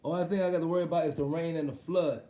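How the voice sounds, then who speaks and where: A man with a slightly high voice chats on a live stream, swearing freely and breaking into laughter. He talks directly to his viewers as if they are in the room. The sound carries a noticeable roomy echo. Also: steady tone, rapid-fire, warm tone. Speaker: sports talk streamer. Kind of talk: casual livestream chat about boxing.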